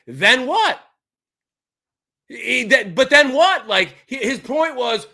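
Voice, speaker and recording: A man hosting a live-streamed sports talk show, ranting with sarcasm and lively energy. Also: extremely high pitch, measured pace. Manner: sarcastic, animated rants. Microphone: streaming setup mic.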